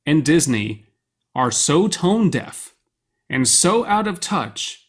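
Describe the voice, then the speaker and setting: A young man co-hosting a podcast, chatting casually and excitedly, rambling and swearing freely. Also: fairly high pitch, slow, slightly rough. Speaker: podcast co-host. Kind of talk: casual chat.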